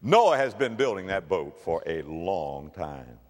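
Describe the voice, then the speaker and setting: A rueful father, voiced by a male preacher, dropping low and going soft and halting as he talks to his son. The room answers with a long, echoing reverb. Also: sing-song, exaggerated voice. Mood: gentle, rueful. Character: rueful father in Noah's time.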